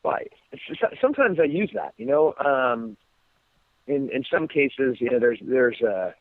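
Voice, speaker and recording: An American man speaks over a phone line that is thin, narrow and tinny. His voice sits mid-range, and he talks in halting bursts full of ums and restarts. There is no room sound at all. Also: medium pitch, animated, no room sound. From United States. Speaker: guest fighter. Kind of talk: phone interview.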